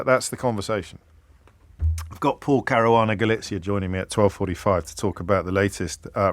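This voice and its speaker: A British radio phone-in host, a middle-aged man, speaking in a wry, conversational way. His voice sits low and the studio sound is dry and close. He often stumbles and restarts his sentences. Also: dry recording. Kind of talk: talk radio monologue. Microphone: close studio mic.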